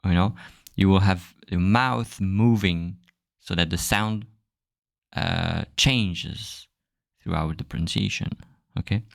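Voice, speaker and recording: A native French man with a French accent hosts a relaxed podcast lesson, stopping often and saying sounds over and over to show them. His voice sits very low with a gravelly edge. The sound is dry and close. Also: no echo. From France. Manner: halting, repeats words, models sounds aloud. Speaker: language teacher podcast host.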